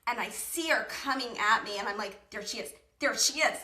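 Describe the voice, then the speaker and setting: A woman's voice: a little high, a little fast, sharp tone. A middle-aged woman hosting a casual podcast, an enthusiastic and chatty storyteller with a college-age daughter. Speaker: podcast host.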